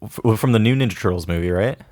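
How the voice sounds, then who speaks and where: A man's voice: lowish voice, fast talker, darkish tone. A young man co-hosting a casual podcast, rambling and jokey. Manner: rambling, jokey, drops into impressions. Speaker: podcast co-host. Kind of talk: casual chat.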